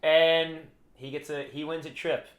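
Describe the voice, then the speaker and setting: A man's voice: a little high, a little slow. A man co-hosting a podcast, chatting casually and rambling with frequent restarts. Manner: rambling, restarts often, animated when laughing. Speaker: podcast co-host. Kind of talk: casual chat. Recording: echoey room.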